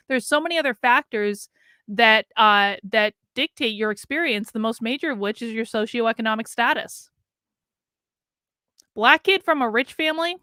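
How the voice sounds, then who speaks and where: A woman hosting a reaction video, pausing the clip to give measured, emphatic commentary and repeating points for stress. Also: on the high side, bright, forceful tone, no room sound, studio quality.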